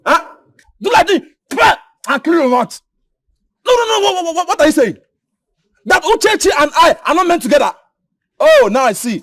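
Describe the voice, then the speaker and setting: An actor playing a touchy, hot-tempered younger brother, shouting and stammering in a Nigerian English accent. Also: male voice, very high-pitched, very animated, moderate pace, long pauses, no echo, heavily acted. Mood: bitter. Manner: agitated, shouting, stammering repeats. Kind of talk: Nollywood film acting.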